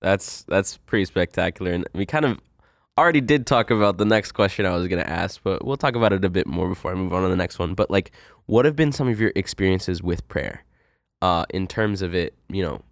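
A man co-hosting a podcast, talking in a relaxed, rambling way with many "like" fillers. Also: low voice, brisk, dry recording, studio quality. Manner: relaxed, rambling, heavy use of "like". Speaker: co-host. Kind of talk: casual podcast chat.

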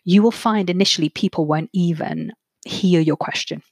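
A woman, a therapist hosting her own podcast, explaining ideas in a clear, measured way and slowing down to stress key phrases. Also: fairly low pitch, dry recording. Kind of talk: solo podcast talk.

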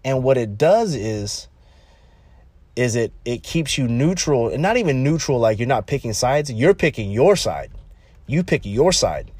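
A man talking casually and bluntly about dating, animated and repetitive, jumping higher when he quotes people. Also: measured pace, slightly rough, no room sound. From California, United States. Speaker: relationship advice talker. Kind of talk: casual monologue.

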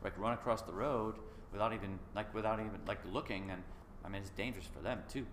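A man's voice: lowish voice, fast talker, a bit bright. A man co-hosting a podcast in casual chat, easygoing and rambling, with frequent restarts. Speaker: podcast co-host. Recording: echoey room with faint noise.

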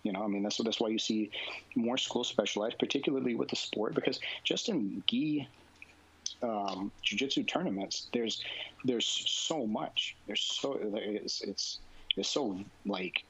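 A man's voice: mid-range voice, lively intonation, measured pace, vocal fry, fairly bright tone, slightly rough, dull audio. A man, a jiu-jitsu instructor, answering interview questions casually and rambling with lots of fillers and restarts.

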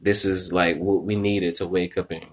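A man co-hosting a podcast, chatting casually in slangy speech and acting out other people's lines in quick quoted voices. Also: low-pitched, flat delivery. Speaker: podcast co-host.

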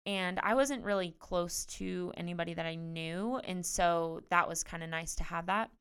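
A woman in her twenties, a pro tennis player being interviewed, chatting in a lively way with lots of "like". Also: on the low side, moderate pace, clear, resonant tone. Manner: chatty, animated retelling with frequent "like". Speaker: guest, professional tennis player. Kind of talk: casual interview storytelling.

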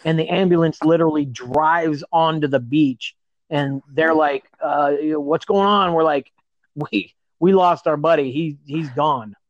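Higher-voiced man, slightly muffled. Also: a little slow, dry recording. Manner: reminiscing, filler-heavy. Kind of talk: casual chat.

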